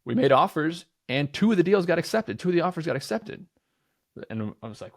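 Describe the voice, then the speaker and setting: Energetic man in his thirties, talking emphatically. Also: on the high side, fairly quick. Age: 30s. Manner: energetic and emphatic, repeats phrases and restarts; sometimes swears casually. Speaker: podcast guest, entrepreneur. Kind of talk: casual podcast conversation.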